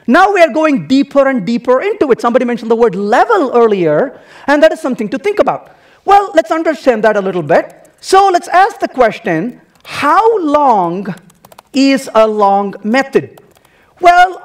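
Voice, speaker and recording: A man with a very high voice speaks to a conference audience, his pitch swooping up and down. He teases the room with rhetorical questions and keeps the tone playful throughout a technical talk. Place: conference hall.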